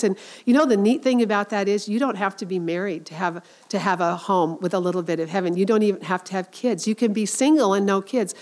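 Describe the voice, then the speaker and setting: Middle-aged woman doing a women's faith talk, earnest, rambles a bit with lots of ums, mid-pitched voice. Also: a little mellow. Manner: earnest, chatty, many fillers and restarts. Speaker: Christian women's speaker.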